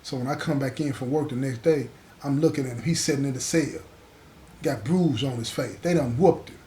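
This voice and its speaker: A man's voice: mid-range voice, brisk, roomy sound, a little hiss or hum. A man hosting a show and telling a prison story in a casual, slangy way, acting out the dialogue. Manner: animated, slangy, acts out dialogue. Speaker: host.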